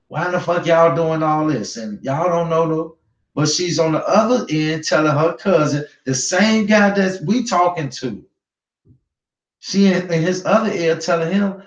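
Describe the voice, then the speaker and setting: A man's voice: fairly high pitch, a little slow. A man giving casual commentary straight to his viewers, emphatic and repetitive, swearing freely as he presses his points. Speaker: online news commentator. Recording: roomy, dull lo-fi sound.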